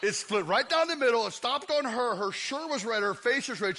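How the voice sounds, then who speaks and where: Pastor, 50s, high voice, tells stories for laughs and plays out every scene. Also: male voice, lively intonation, fast talker, sharp tone. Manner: comic storytelling, acts out scenes. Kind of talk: sermon. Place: church.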